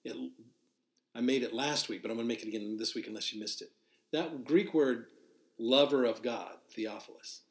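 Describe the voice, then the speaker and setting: A man's voice: medium pitch, normal speed, reverberant. Man teaching Scripture, conversational and earnest. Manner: conversational, restarts and fillers, spells out Greek words. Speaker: pastor. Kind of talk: verse-by-verse Bible teaching. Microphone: live broadcast to listeners.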